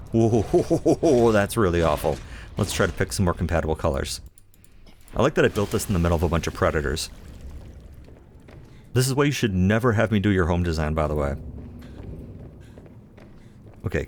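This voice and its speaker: Playing a game, this let's play host keeps up a chatty, playful commentary, mumbling to himself and poking fun at his own expense. He has a low voice, and there's a little hiss or hum in the recording.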